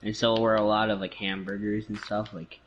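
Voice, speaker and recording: A man's voice: on the low side, little pitch movement, normal speed, lo-fi sound, slight background noise. A man from Canada in a casual gaming chat, joking, teasing and rambling.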